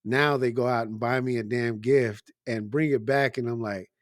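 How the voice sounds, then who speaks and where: A man in his forties, a podcast co-host, talks in a loose, heartfelt way with plenty of slang and casual swearing. His voice sits at an ordinary middle pitch. The sound is close and dry, with no room around it. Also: steady tone, normal speed, dry recording. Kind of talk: casual chat.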